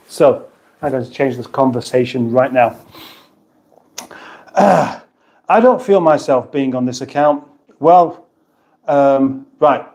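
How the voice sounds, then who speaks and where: A man's voice: medium pitch, slow pace, pauses often, darkish tone. A British man hosting a casual livestream, reading viewers' comments aloud and answering them with dry, rambling banter. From United Kingdom. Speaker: livestream host.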